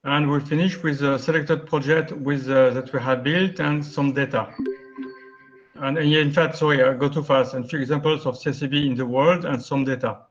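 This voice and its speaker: A man's voice: fairly high pitch, fairly even intonation, moderate pace, lo-fi sound, soft background music. A man from France with a French accent, giving a webinar lecture, explaining step by step and often correcting himself. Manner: explanatory, with frequent restarts and self-corrections. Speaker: guest speaker, architect.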